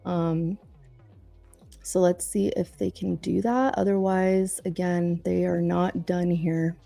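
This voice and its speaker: A woman's voice: lowish voice, steady tone, takes it slowly, creaky, dark tone, no echo, soft background music. A woman trader giving live commentary on her trades, calling price levels and targets and urging the market on. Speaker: trader on a live trading stream.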